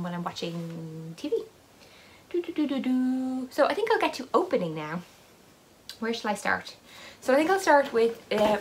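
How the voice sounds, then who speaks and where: A woman who hosts a knitting podcast, talking in a casual, rambling vlog with self-deprecating asides as she unboxes advent yarn. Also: mid-range voice. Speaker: knitting vlogger and podcast host.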